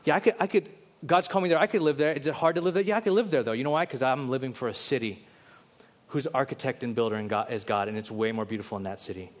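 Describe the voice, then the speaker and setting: A man preaching a sermon, swinging between loud, urgent exhortations and low, intense stretches. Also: fast. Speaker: pastor.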